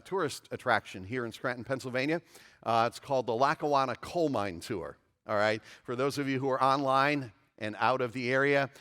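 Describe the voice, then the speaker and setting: A man's voice: medium pitch, a bit bright, big-room sound. A pastor in his fifties preaching a sermon in a church, emphatic and repeating phrases for stress. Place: church sanctuary.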